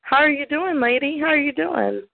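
A woman's voice: high voice, animated, normal speed, creaky. Bubbly Southern woman radio host on phone. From American South. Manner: bubbly, laughs often, chatty. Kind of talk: casual call-in radio chat. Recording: tinny phone line.

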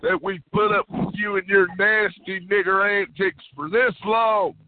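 Hostile male ranter, high voice, tinny phone-like line. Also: steady tone, a little slow, a little hiss or hum. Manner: ranting, hostile. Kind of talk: online voice chat.

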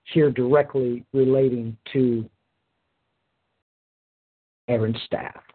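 A man's voice: medium pitch, steady tone, takes it slowly, narrow, tinny audio. A tired man teaching a Bible lesson, reading scripture aloud and then explaining it with frequent hesitant fillers. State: tired, yawning.

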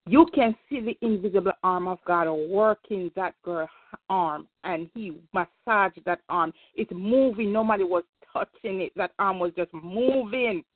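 A woman's voice: medium pitch, a little slow, dry recording. An older woman, a grandmother, earnestly telling a faith story on a community call. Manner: earnest, emphatic testimony. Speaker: call participant sharing testimony. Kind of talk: casual storytelling. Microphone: phone or call line. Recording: tinny phone line.

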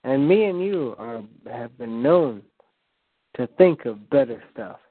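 A man's voice: mid-range voice, expressive, a little slow, no room sound. Rambling man on a tinny call. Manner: rambling, stammering restarts. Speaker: prank call host. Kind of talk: casual chat on a voice call. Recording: tinny phone-like call audio, dry.

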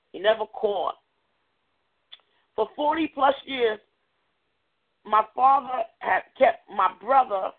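Earnest woman's testimony over tinny audio. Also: a little high. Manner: earnest, halting, with frequent restarts. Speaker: guest speaker. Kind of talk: personal testimony sermon.

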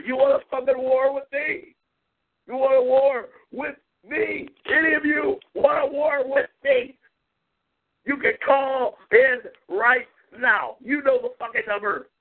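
A man hosting a talk show, ranting profanely, taunting rivals and repeating a catchphrase. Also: very high voice. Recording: tinny phone-like audio.

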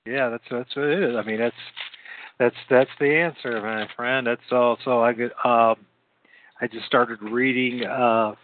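A man's voice: medium pitch, fairly even intonation, measured pace, slight background noise. A man hosting his own podcast, chatting casually in a rambling way, repeating words and laughing easily. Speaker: podcast host. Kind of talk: casual late-night call-in chat. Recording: tinny phone-like sound.

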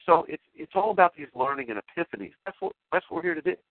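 Man, talk show host, rambling monologue, excitable, emotional, stumbles and restarts, phone-line sound, dry. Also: fairly high pitch, quick pace, no room sound.

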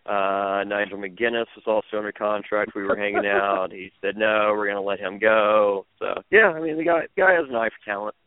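A man guest telling wrestling-world stories in a casual interview, animated and laughing, acting out quotes in raised voices. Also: on the low side, a little fast, hardly any pauses, no room sound. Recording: tinny phone-like line, dry.

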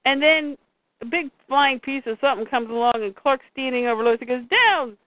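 A woman's voice: high-pitched, fairly even intonation, a little fast, no room sound. A woman co-hosting a casual chat, retelling comic scenes and reading the dialogue aloud. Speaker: comics podcast co-host. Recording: tinny phone-like line, dry.

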